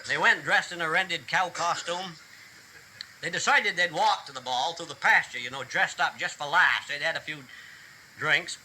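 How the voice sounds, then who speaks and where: A man's voice: on the high side, moderate pace. A man telling folksy jokes to a live audience with a chuckling drawl. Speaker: storyteller. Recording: loud noisy hiss.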